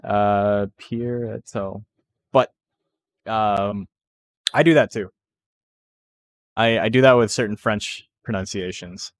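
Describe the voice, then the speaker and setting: A man's voice: on the low side, fairly even intonation, slow pace, long pauses, no room sound. A man hosting a live stream of a game tournament. He rambles casually, jokes and swears freely between calls of the action. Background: faint background music.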